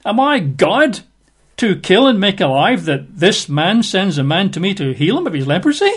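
A man's voice: big pitch swings, husky, exaggerated voice. A man voicing a frantic, fearful ancient king in a dramatized Bible reading during a sermon. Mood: panicked. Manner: high, agitated, rushed exclamations.

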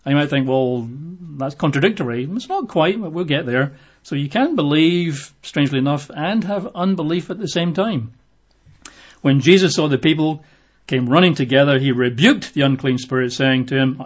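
A man's voice: fairly high pitch, animated, moderate pace. A man preaching a sermon in a conversational way, acting out the voices he quotes. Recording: dull lo-fi recording.

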